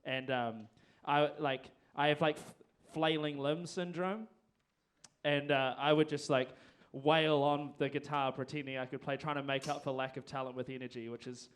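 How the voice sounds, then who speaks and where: A man's voice: on the high side, little pitch movement, moderate pace, smooth. A man, hosting a live music event on a handheld mic, rambling and self-deprecating. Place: performing arts venue stage. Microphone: handheld microphone.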